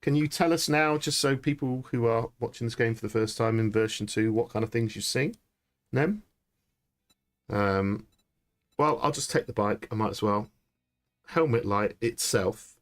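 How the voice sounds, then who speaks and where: A man, chatting excitably and thinking aloud during live gameplay commentary. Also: medium pitch, normal speed. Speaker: streamer.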